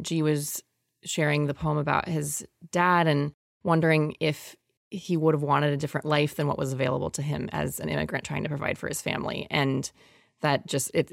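A woman's voice: deep voice, creaky, no echo, clean studio sound. A woman hosting a podcast, speaking in a thoughtful, appreciative conversational way. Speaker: podcast host.

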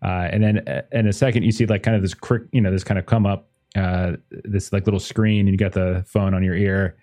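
A man narrating as game master of a tabletop game in a relaxed way, with plenty of fillers. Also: low-pitched, a little fast.

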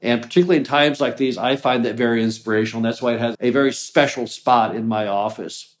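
A man's voice: medium pitch, fairly even intonation, quick pace. A man hosting a business show, giving an earnest, plainspoken motivational talk. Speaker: host of a mobile home park business show.

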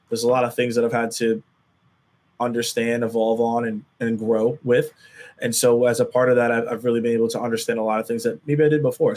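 A man being interviewed as a guest, speaking in a relaxed, casual way with frequent "like" fillers. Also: mid-range voice. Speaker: guest, sales content creator.

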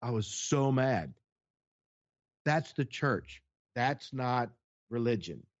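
A man at ordinary pitch tells a story in a blunt, salty, heated way. The recording is a bit muffled and lo-fi, and the mood stays conversational. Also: animated, slow. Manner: blunt, profane, heated retelling. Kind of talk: casual storytelling chat. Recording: dull lo-fi sound.

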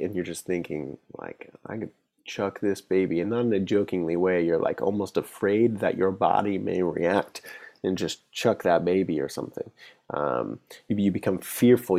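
A man's voice: deep voice, gravelly, dark tone. A man hosting an unscripted solo podcast, talking frankly in a rambling way, with many restarts and some swearing. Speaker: podcast host.

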